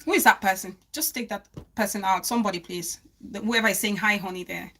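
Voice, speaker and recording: A woman's voice: mid-range voice, brisk, fairly bright tone, a little hiss or hum. A woman hosting a live stream, speaking earnestly to her viewers and repeating phrases for emphasis. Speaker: livestream host.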